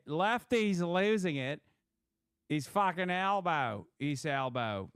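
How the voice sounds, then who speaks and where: A man's voice: on the high side, expressive, takes it slowly, fairly bright tone, clean tone, no echo, clean studio sound. A young man giving casual, profane, sarcastic reaction commentary.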